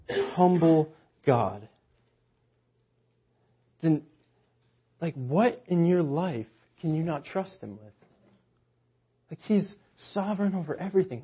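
A man preaching a casual sermon in a church, chatty and full of "like," shifting from hushed awe to loud emphasis. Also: a little high, expressive, a little slow, pauses often, slightly rough. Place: church chapel. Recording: muffled lo-fi sermon audio.

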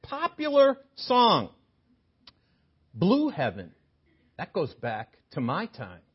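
A man's voice: high-pitched, huge pitch swings, slow, breathy edge, dull audio. An older man preaching a sermon in a chapel, joking with the congregation. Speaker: guest preacher. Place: chapel sanctuary.

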